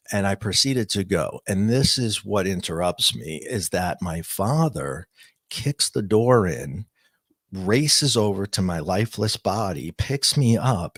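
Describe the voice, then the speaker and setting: In a deep, husky voice with no echo, a man tells an interviewer about his own near-death experience. His speech is earnest and halting, full of fillers and restarts.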